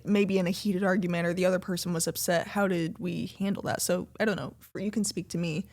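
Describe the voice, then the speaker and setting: A woman co-hosting a casual couples podcast, animated and quick to laugh, jumping up in pitch when she makes a point. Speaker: podcast co-host.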